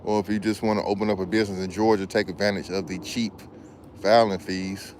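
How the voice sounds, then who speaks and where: A man with a fairly low voice talks through a casual outdoor vlog, laid-back and slangy, drifting from point to point. He speaks as a business credit consultant. A faint hum of outdoor noise sits behind him. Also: level tone, brisk, darkish tone. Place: outdoors in a backyard hammock. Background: faint outdoor ambience with passing planes.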